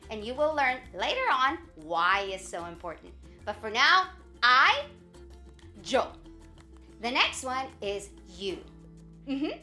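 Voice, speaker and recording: A Colombian woman who is a native Spanish speaker, teaching a friendly video lesson and repeating words slowly to model them. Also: high voice. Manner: lively, encouraging, slow modelled repetition.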